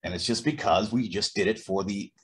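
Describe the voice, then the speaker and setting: A man's voice: on the low side, fairly quick, fairly bright tone. A man co-hosting a podcast in casual chat, profane and restarting his words as he builds his point. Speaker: podcast co-host.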